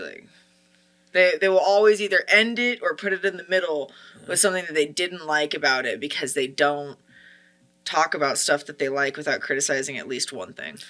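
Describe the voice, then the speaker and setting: A woman chatting on a casual podcast and laying out strong opinions in long, filler-laden explanations. Her voice is bright and tense. Her pitch moves in a lively, animated way. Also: a little fast. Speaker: podcast co-host.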